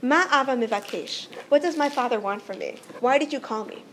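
A woman's voice: sits high, brisk, a little hiss or hum, lightly acted. A woman voicing Moshe as an eager young man answering a call.

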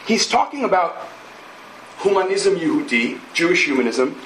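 A man's voice: high-pitched, big pitch swings, moderate pace, fairly bright tone, slight background noise. A man giving an academic lecture, explaining ideas step by step. He thinks aloud with asides and tag questions. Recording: echoey room.

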